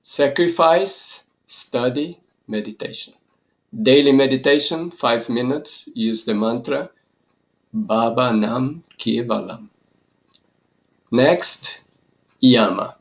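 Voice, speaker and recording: Monk guy teaching yoga, slow and measured, short phrases one by one. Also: medium pitch. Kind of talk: spoken course lesson.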